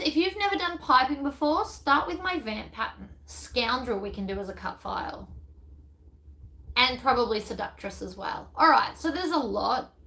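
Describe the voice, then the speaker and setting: A chatty woman hosts a casual live stream and thinks aloud as she goes. Her voice sits a little high. She rambles along, with plenty of ums and trailing half-thoughts. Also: vocal fry, sharp tone, low-quality recording. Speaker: sewing pattern designer hosting a live stream.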